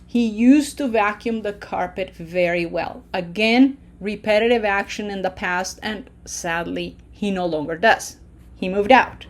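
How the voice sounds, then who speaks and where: A woman teaching a language at a slow, unhurried pace. She speaks patiently and deliberately, pausing to check in with her students. When she models words, she draws her vowels out long. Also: medium pitch. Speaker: Spanish teacher. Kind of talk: language lesson over slides.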